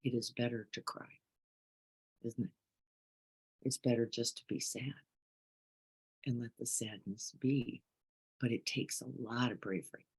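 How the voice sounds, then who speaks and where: Gentle, questioning woman meditation teacher. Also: a bass voice, slightly rough. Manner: questioning and gentle, swings from hushed to emphatic. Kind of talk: reflective dharma talk, reading participant comments.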